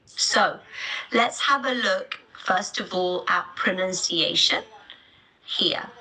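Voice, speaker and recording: A woman leads a live online lesson, speaking slowly and deliberately. Her voice has a bright, crisp edge, and she spells out each point plainly for her students. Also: medium pitch, rough recording. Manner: clear, deliberate explanatory delivery. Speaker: teacher. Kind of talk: live online teaching webinar.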